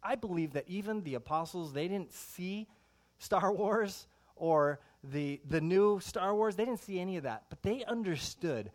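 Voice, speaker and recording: Animated middle-aged man preaching. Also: high-pitched, measured pace. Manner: animated, conversational, full of rhetorical questions. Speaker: pastor. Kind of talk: sermon.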